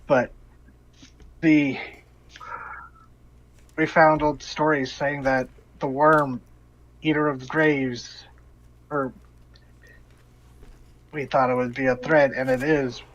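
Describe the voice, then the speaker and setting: Halting man game master, lo-fi. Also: mid-range voice, steady tone, fairly bright tone. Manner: halting, restarts often while relaying an NPC's story. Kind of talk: narrating a tabletop game. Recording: dull lo-fi voice chat audio.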